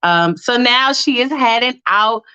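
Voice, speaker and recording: A woman's voice: on the high side, animated, a little slow, bright, forceful tone, smooth, rough recording. A woman improvising a story in a casual, rambling way, slangy and profane, talking straight to her listeners. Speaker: storyteller, podcast host.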